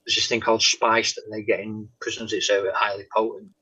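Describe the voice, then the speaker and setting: A man, a guest telling his faith testimony in an interview, halting with many pauses and "um"s and often dropping to a soft tone. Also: lowish voice, little pitch movement, breathy edge. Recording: dull lo-fi sound.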